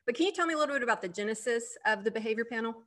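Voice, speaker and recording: Bright-voiced woman hosting an interview. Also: a little high, animated, racing. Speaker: podcast host. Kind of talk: interview questions.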